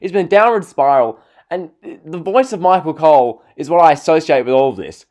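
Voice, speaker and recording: A man's voice: fairly high pitch, animated, fairly quick, darkish tone, muffled recording. A man hosting a wrestling vlog, ranting in an exasperated tone and sighing in frustration. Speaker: wrestling vlogger. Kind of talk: ranting opinion video.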